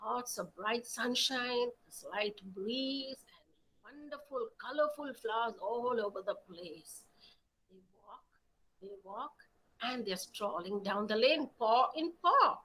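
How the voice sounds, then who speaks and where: Bright, expressive woman storyteller. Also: fairly high pitch, low-quality recording. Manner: expressive, slow, dramatic storytelling. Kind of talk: animated oral storytelling.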